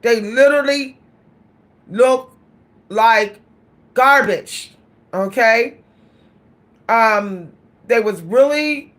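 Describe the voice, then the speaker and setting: A woman vlogger telling a story in casual chat, animated and laughing, talking straight to her listeners. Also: on the high side.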